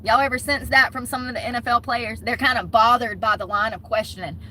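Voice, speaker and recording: A Southern woman vlogs in a blunt, heated rant and swears without a second thought. Her voice has a bright, cutting edge. Faint vehicle noise hums underneath. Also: a little high, steady tone, a little fast. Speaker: vlogger. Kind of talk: casual ranting vlog.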